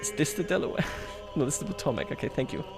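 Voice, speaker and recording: A man's voice: on the high side, animated, very fast, music in the background. Chatty man streaming a strategy game. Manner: chatty, self-mocking, chuckles often. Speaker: livestreamer. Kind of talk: casual gameplay commentary.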